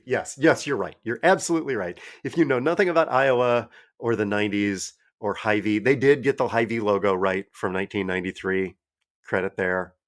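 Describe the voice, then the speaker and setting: A man co-hosting a podcast, ranting in an exasperated, animated way during casual chat. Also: lowish voice, moderate pace. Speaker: podcast co-host.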